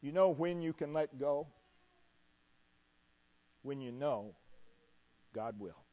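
Slow, emphatic male preacher on lo-fi audio. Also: a little high, animated. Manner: emphatic, with swings from loud to hushed and repeated refrains. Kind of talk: sermon.

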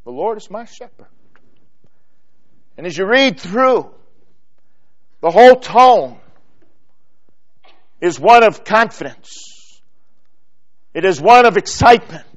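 A man preaching a sermon, emphatic and building through repeated lists, then trailing off softly. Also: high voice.

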